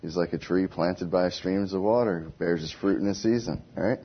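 This Bible teacher speaks in a deep voice at a moderate pace, with a little hiss or hum and a dull lo-fi quality to the audio. His lesson is informal and conversational, and he often asks the class questions.

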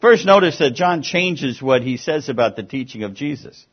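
A male preacher with a husky voice gives an explanatory sermon, his pitch swinging widely as he drives points home. The recording sounds dull and lo-fi. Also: lively intonation, moderate pace. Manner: emphatic, explanatory preaching with rising and falling emphasis. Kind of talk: expository sermon.

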